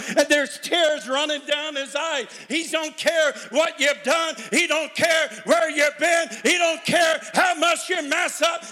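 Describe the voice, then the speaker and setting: Male preacher, very high and bright voice, slow shouted delivery, long hall reverb, repeats "come on". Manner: repeats "come on" constantly, call-and-response urging. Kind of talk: shouted revival sermon. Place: large church hall.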